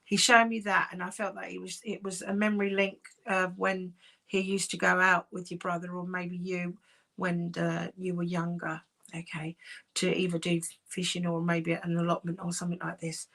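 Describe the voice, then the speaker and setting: A woman working as a psychic medium, giving live-streamed readings in a soft, reassuring, chatty way with many pauses. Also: lowish voice, level tone, creaky. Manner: soft, reassuring, calls sitters "my darling".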